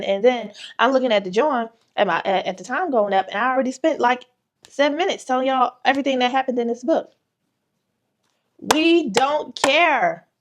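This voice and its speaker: A woman author giving a casual vlog tutorial, retelling a story animatedly with quoted voices. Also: mid-range voice.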